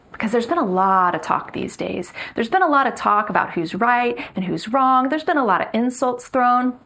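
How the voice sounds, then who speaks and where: Gravelly-voiced woman preaching. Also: medium pitch, a bit bright. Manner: measured, earnest preaching with slow, emphatic repetitions. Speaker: pastor. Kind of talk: sermon.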